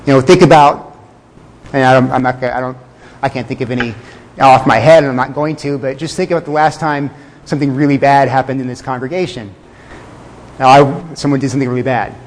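A man preaching a sermon in a conversational way, with fillers, chuckles and slowed words for emphasis. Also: medium pitch, fairly even intonation, big-room sound, slight background noise. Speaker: pastor.

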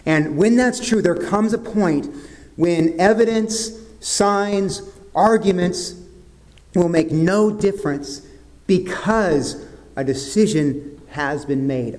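A man preaching a sermon as pastor, in an earnest way that drops to soft, grave tones. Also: fairly high pitch, slow.

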